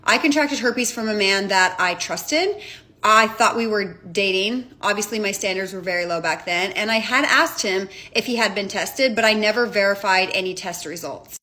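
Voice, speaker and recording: Woman in her 20s, bright sharp voice, firm and direct to camera. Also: medium pitch, moderate pace. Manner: firm, declarative. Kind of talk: earnest direct-to-camera statement.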